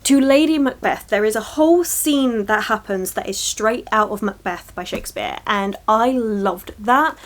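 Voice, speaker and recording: A woman chatting casually in a reading vlog, excitable and rambling, gushing over books and a little tired. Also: on the high side, normal speed, few pauses. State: tired from early shifts. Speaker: book vlogger.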